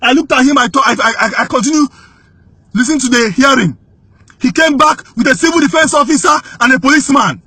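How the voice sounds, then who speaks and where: High, bright-voiced Nigerian man, indignant. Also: animated, fast talker, husky, no room sound. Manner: urgent and indignant, rises to shouting. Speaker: whistleblower giving testimony. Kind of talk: impassioned spoken testimony.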